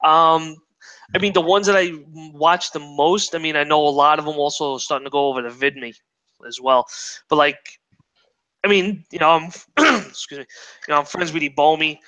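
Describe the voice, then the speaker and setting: A man's voice: on the high side, normal speed, bright, forceful tone, clear, resonant tone. A young man, a guest chatting casually, rambling and swearing freely. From New York. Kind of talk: casual chat.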